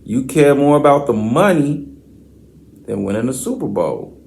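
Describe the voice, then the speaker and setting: Slow-talking man ranting about sports. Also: medium pitch, creaky. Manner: profane, slangy, exasperated trash talk; reads stat lines in a flat list. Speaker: sports podcast host. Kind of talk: sports commentary rant.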